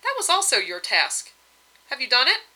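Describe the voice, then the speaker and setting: A woman reading aloud, voicing a regal goddess wife who is doting but reproachful, in a bright voice. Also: high-pitched, wildly swooping pitch, normal speed, pitched above the performer's own voice, full character voice, poor audio. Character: regal goddess wife, fussy and sweetly demanding.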